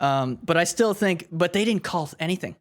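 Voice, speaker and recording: Animated, swearing podcast co-host man. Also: a little high, normal speed. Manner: animated, swearing, laughing often. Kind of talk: casual sports chat.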